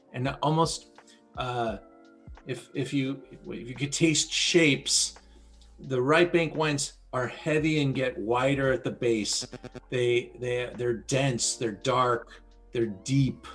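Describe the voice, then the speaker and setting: A man hosting an online wine tasting, describing wines slowly in vivid imagery. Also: medium pitch, steady tone, a bit bright, soft background music. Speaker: wine educator host.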